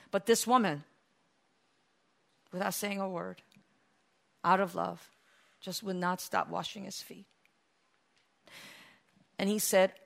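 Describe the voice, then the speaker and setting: A woman preaching a sermon, retelling a story softly and then building to loud, impassioned appeals. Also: mid-range voice, vocal fry.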